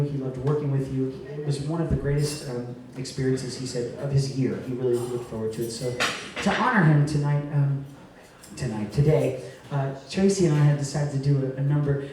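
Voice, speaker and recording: A man from Rhode Island, a cabaret singer speaking to a live audience as he presents an award, chatty and joking, then going soft and tender. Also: medium pitch, brisk, slight background noise. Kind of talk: live stage speech to an audience. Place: cabaret venue stage. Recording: echoey room heard from a distance.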